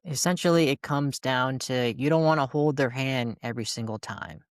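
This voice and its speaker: Male host, clear smooth voice, explains and sums up, dry recording. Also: medium pitch, normal speed, dry recording. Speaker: podcast host. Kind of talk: casual interview talk.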